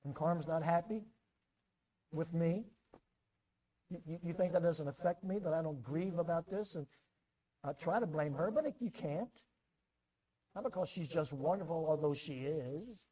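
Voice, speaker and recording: A sermon comes from a middle-aged American pastor whose voice is fairly high. He moves back and forth between loud, emphatic moments and quieter, measured ones, often repeating words as he develops an idea.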